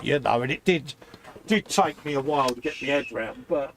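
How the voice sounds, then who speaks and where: A man's voice: mid-range voice, normal speed, crowd noise. A middle-aged man with a southern English accent, co-hosting a casual live stream and bantering matily with his friend. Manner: matey banter, calls his friend "mate". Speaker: co-host.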